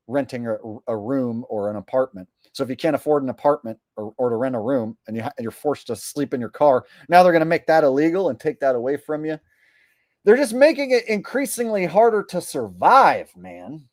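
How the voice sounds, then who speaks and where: A man's voice: medium pitch, dark tone, no room sound, studio quality. Indignant, rambling male streamer. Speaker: livestream host. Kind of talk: casual livestream commentary.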